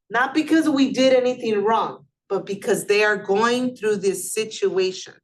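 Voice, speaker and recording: A woman instructor with a voice on the high side gives a classroom lecture in a conversational way, often putting questions to her students.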